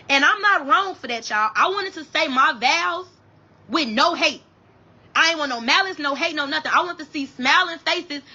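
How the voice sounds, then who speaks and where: A woman telling her own wedding story to viewers on a livestream from her bed. She is animated and profane, keeps calling her viewers y'all, and speaks. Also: sits high, unhurried, pauses often, dull audio. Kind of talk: casual storytelling to a live audience. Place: at home in bed.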